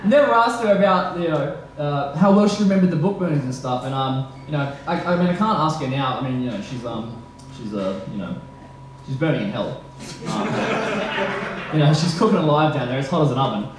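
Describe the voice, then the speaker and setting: A young man doing a nervous first stand-up set, halting with fillers. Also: sits high. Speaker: stand-up comedian. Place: comedy venue with audience. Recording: very echoey room, faint background noise.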